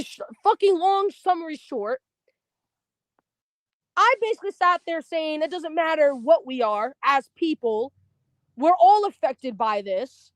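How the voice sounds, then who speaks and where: A woman on a livestream tears into someone in a blunt, profane rant. Her voice sits high and the sound is dry, with no room around it. She talks fast and heated, swearing freely. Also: lively intonation, dry recording. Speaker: stream guest.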